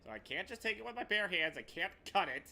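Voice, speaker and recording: Man streaming a game, casual and profane, high voice, very bright tone. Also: expressive, quick pace, creaky. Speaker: streamer playing a game live. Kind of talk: casual gaming chat.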